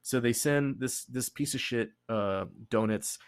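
A man with a Texan accent, hosting a podcast and telling history in a casual, profane way, laughing often and doing quick voices. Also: mid-range voice, smooth, no echo, clean studio sound. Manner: profane, laughing, animated storytelling. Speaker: podcast host.

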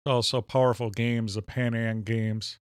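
A man from Minnesota with a Minnesotan accent, co-hosting a podcast in casual banter, full of deadpan jokes. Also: mid-range voice, a little slow, clean tone, no echo, clean studio sound. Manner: jokey, deadpan asides. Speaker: podcast co-host.

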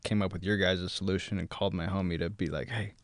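A man's voice: sits low, level tone, fast, no echo. A man telling a profane, laugh-filled story in a casual chat.

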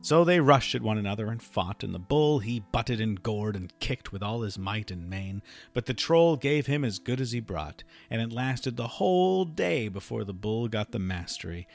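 A male storyteller reading a folk fairy tale aloud in an expressive, measured way. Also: lowish voice, gravelly, soft background music.

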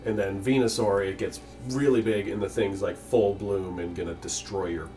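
A man's voice: lowish voice, steady tone, normal speed, warm tone, far from the mic, faint music behind. A man co-hosting a casual gaming podcast, rambling and goofy, often stumbling over his words. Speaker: podcast co-host.

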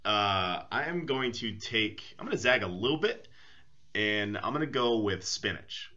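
Animated low-voiced male podcast co-host. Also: measured pace, muffled recording. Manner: mock-outraged rants, swears freely. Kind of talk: casual comedic chat.

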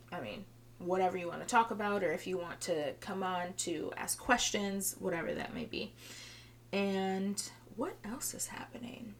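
A young adult woman chats through her solo podcast in a rambling, filler-heavy way. Her voice sounds strained and a little hoarse, with a gravelly fry. A faint hiss of noise sits under the recording. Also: medium pitch. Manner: chatty, rambling, many fillers. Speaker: podcast host. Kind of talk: casual solo podcast chat.

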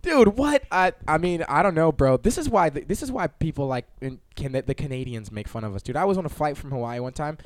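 A young man co-hosting a podcast in casual chat, excitable, swearing and laughing often. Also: on the high side, a little fast, hardly any pauses, no room sound. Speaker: podcast co-host.

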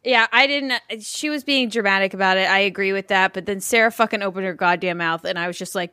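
A woman's voice: medium pitch, fast, few pauses, bright, forceful tone, smooth, no echo, clean studio sound. A woman co-hosting a casual reality TV recap podcast, blunt and swearing heavily. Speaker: podcast co-host.

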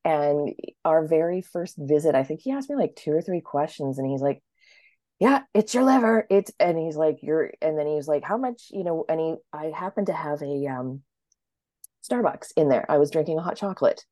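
Brisk and warm, this thirty-something woman chats through her own story as a guest in an interview. She often plays out others' quotes by jumping into sudden high-pitched voices. Clean, dry studio sound.

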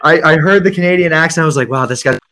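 Laughing New York sports podcast host. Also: male voice, fairly high pitch, quick pace, bright, forceful tone. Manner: laughs often, fillers like "like". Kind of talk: casual chat.

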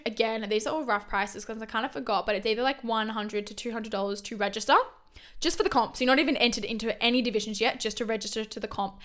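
A young woman in her early twenties, hosting a solo podcast in a chatty, fast way, often correcting herself mid-sentence. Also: on the high side, fairly bright tone. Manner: chatty and fast, with frequent self-corrections and fillers. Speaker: podcast host. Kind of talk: casual solo podcast monologue.

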